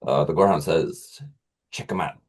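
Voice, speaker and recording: A man co-hosting a casual podcast, teasing the others and pausing often with ums. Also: very deep voice. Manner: teasing, hesitant with many ums. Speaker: podcast co-host. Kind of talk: casual chat.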